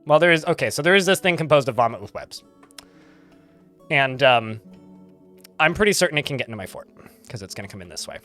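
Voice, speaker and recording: A man's voice: mid-range voice, lively intonation, a little fast, pauses often, fairly bright tone, faint music behind. A man casually chatting to his live-stream chat while playing a game, rambling and laughing easily.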